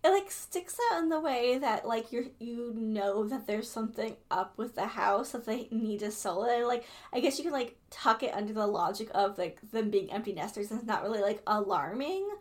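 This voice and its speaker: A woman's voice: on the high side, normal speed, hardly any pauses. A woman co-hosting a book-club podcast in casual chat, enthusiastic and full of "like", floating her own theories. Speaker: podcast co-host.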